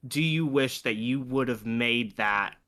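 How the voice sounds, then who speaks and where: Brief: male podcast guest, bright edgy tone, hesitant, lots of fillers. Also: medium pitch, unhurried. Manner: hesitant questions full of fillers. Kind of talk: casual chat about a tabletop campaign.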